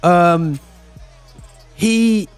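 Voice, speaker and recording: A man with a high voice hosts a casual football chat. He rambles, restarts often and drops "bro" into nearly every line. Soft music plays faintly behind him. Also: very slow, clear, resonant tone. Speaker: podcast host.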